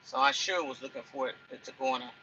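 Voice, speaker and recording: A woman's voice: a bass voice, fast, pushed and bright, lo-fi sound, slight background noise. A woman truck driver chatting in a casual cooking vlog from inside her truck cab. She rambles and repeats herself as she talks.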